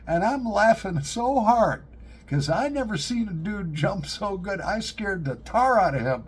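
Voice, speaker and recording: A middle-aged man, vlogging to camera and telling animated, joking stories, laughing at his own punchlines. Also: high-pitched, a little slow, husky. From upstate New York. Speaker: pipe-smoking vlogger. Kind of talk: casual storytelling to camera.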